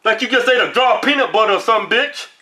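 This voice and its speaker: A man's voice: extremely high pitch, lively intonation, rapid-fire, pushed and bright, reverberant. A man trading crude, defensive retorts in casual comedy banter. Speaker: comedy video host.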